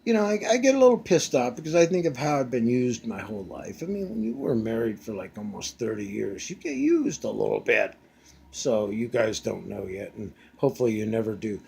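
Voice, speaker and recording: A man's voice: medium pitch, big pitch swings, normal speed, vocal fry, a little mellow, breathy edge. A man in his fifties ranting casually from a back bedroom at home, blunt and profane, with many fillers. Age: 50s. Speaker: vlogger.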